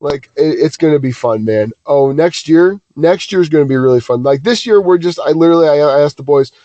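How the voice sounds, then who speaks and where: Podcast co-host, man, higher voice, animated rambling storyteller, dry muffled mic. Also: fairly quick, dry recording. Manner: animated, self-deprecating, many restarts. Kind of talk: casual chat, rambling storytelling.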